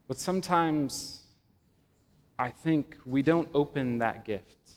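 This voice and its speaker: A man delivers a sermon at an unhurried, deliberate pace, his voice sitting a little high for a man. He lingers on pauses and builds to swelling emphasis. The sound carries a long reverb, as in a large church hall. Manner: slow, measured delivery with dramatic pauses and rising emphasis. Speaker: preacher. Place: church sanctuary.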